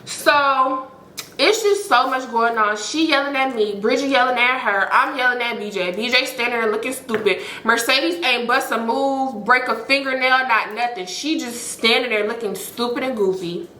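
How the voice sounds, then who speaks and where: A woman hosting a storytime, telling a story in an animated, profane way and acting out what people said. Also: a little high, normal speed, reverberant, slight background noise. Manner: animated, profane, acts out quoted lines. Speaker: storytime host. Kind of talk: casual storytelling.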